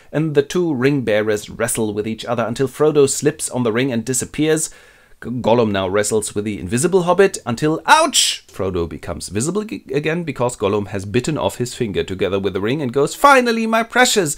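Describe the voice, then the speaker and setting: Guy breezing through a comic book recap, dry jokes, voice bounces around. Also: mid-range voice. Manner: dry, wry asides. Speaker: host. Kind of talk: comic book summary narration.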